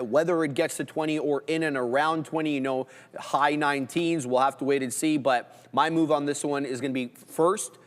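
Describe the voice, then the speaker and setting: A man's voice: fairly high pitch, big-room sound. Man calling stock prices live. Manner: excited, rapid ticker and price call-outs. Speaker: co-host of a live trading stream. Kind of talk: casual live market commentary.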